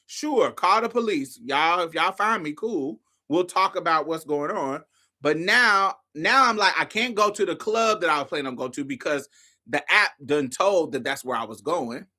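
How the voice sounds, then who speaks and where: Bright, animated woman telling a story. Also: deep voice, normal speed. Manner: animated, profane, addresses listeners as y'all, honey and baby. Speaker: host. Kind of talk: casual storytelling to an audience.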